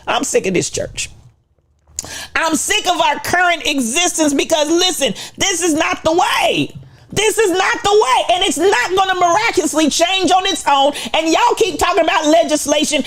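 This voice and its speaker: A woman hosting a livestream launches into an impassioned, preachy rant at her viewers, swinging between shouts and low asides.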